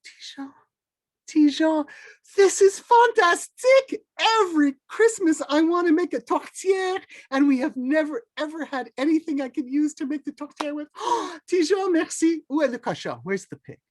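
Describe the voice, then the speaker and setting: A storyteller voicing an excitable farm wife who gushes with joy in high, swooping exclamations. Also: brisk, few pauses, breathy edge, no room sound. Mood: thrilled.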